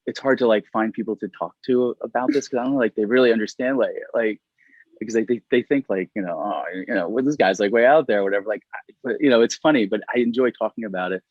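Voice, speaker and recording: A man's voice: fairly low pitch, fast, dry recording. A middle-aged man in a casual interview over a video call, rambling, filling his talk with "like" and laughing often. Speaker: interview guest. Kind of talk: casual conversation. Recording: dull, dry audio.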